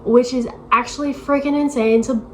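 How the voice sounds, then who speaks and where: A woman's voice: high-pitched, steady tone, moderate pace, a little mellow, a little hiss or hum, rough recording. Chatty young woman vlogging at home. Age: 20s. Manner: rambling, frequent "like" fillers, self-deprecating. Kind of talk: casual vlog chat. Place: at home, moving to her desk.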